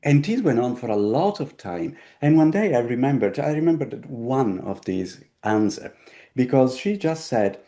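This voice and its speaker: A man with an Italian accent hosting a conversation and telling personal stories in a halting way with frequent restarts. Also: mid-range voice, sing-song, warm tone. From Italy. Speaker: host. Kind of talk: conversational storytelling.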